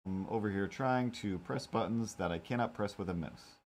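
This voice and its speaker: A man's voice: on the low side, moderate pace, darkish tone. A man hosting a casual live stream while drawing, talking in a rambling, self-deprecating way with lots of fillers. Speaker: live-stream host and cartoonist.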